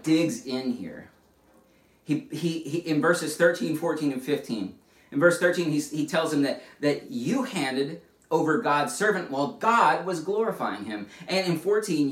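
A man preaching a sermon as a pastor, conversational and animated, often restarting his phrases. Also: fairly high pitch. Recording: echoey room, distant mic.

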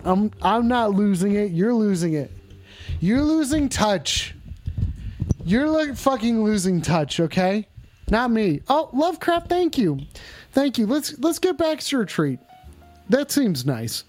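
A man's voice: sits high, very animated, darkish tone, faint music behind. Exasperated foul-mouthed streaming man. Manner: profane, exasperated, scolding viewers; drawn-out emphatic lines mixed with quick asides. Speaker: livestream host taking call-ins. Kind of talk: rambling livestream talk to chat.

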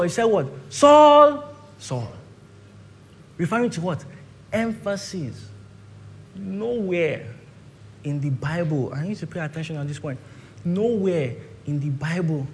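A man with a Nigerian English accent preaching a sermon, swinging from loud declarations to hushed asides and asking the congregation rhetorical questions. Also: fairly high pitch, slight background noise.

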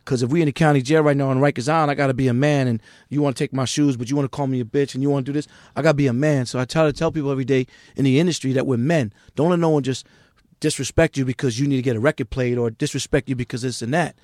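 A man's voice: mid-range voice, steady tone, racing, darkish tone, no room sound, studio quality. Blunt, profane New York man. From Queens, New York. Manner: blunt, profane, street-talking storyteller. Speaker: music manager, guest. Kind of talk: candid podcast interview.

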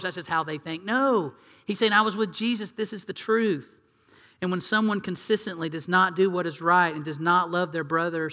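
Earnest pastor preaching in a reverberant hall. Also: male voice, on the high side, pushed and bright. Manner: earnest, conversational preaching with acted asides. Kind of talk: sermon. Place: church sanctuary.

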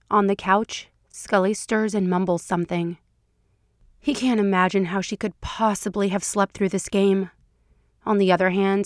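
A woman reading fan fiction aloud for a podcast, telling the story in an even, measured way. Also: medium pitch, dry recording, clean studio sound. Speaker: podcast reader.

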